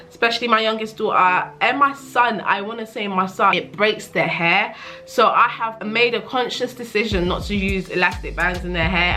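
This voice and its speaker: Chatty woman in her 30s with a bright voice, casual vlogger talking straight to camera. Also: mid-range voice. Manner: chatty, quick and animated, with laughs. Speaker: natural hair vlogger and mother.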